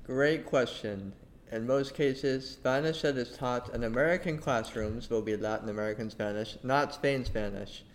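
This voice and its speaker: A man appears as a guest on a podcast, reading prepared answers. He explains things in a measured, even tone at a mid pitch for a man. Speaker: podcast guest, Spanish tutor.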